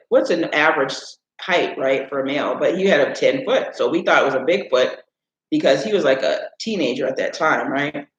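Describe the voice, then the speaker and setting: A man from Illinois, USA, with a slightly high, fairly bright voice tells a meandering childhood story on a live stream, sprinkling in "anyways" and "right?" It's casual storytelling, recorded in an echoey room with dull sound.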